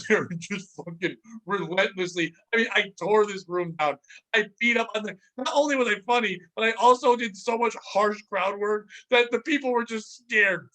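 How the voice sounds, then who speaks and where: A man hosting a comedy podcast, telling profane, animated stories and acting out customers. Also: sits high. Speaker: podcast host and stand-up comedian. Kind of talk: casual comedic storytelling.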